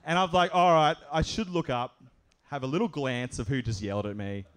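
A man telling a comic story at a live show, animated and often laughing as he acts out other voices. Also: medium pitch, fairly quick, clear, resonant tone.

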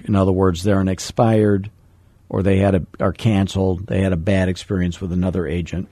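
A middle-aged man coaching real estate agents, telling a story in an animated, self-deprecating way and adding sound effects. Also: low-pitched, fairly quick, dry recording, clean studio sound. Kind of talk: storytelling teaching talk.

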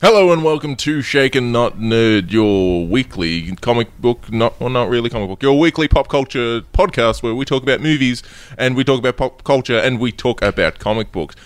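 A man hosting a pop culture podcast in casual chat, joking and rambling, his voice made deep and demon-like by a strange microphone. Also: lively intonation, moderate pace, clear, resonant tone, no room sound. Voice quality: deep, demon-like through a distorted mic. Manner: joking, rambling, laughs often. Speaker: podcast host.

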